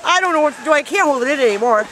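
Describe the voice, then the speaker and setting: A woman's voice: high-pitched, animated, rapid-fire, fairly bright tone, slight background noise. An older woman from New York chatting and joking as her daughter films her outdoors. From Binghamton, New York. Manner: chatty, laughs often, joking. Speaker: mother of the camera operator. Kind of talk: casual family chat.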